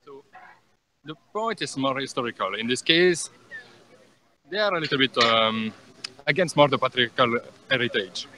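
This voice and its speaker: A man with a French accent, interviewed outdoors on a university plaza, speaking haltingly and searching for English words with many fillers. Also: medium pitch, expressive, noisy background. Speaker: passerby being interviewed. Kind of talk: street debate interview.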